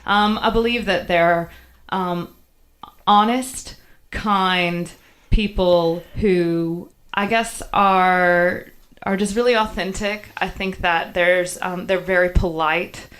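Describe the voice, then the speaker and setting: Lower-voiced woman with faded Southern US accent. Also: steady tone, takes it slowly, a bit bright. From Southern United States. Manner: chatty, many ums and restarts. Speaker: guest journalist. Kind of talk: podcast interview conversation.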